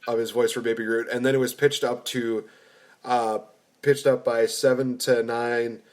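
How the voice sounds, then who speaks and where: An excitable man talks through a film in a casual podcast chat. His voice sits at an ordinary middle pitch, and he rambles, restarting sentences as he gushes. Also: moderate pace. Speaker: podcast co-host. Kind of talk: casual movie review chat.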